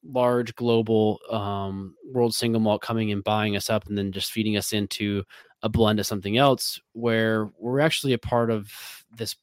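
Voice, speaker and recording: A man's voice: lowish voice, steady tone, moderate pace, clean tone, no echo. Rambling Midwestern man, dry sound. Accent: Midwestern American. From American Midwest. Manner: rambling, many fillers and restarts. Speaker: whiskey brand ambassador. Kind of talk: casual interview talk.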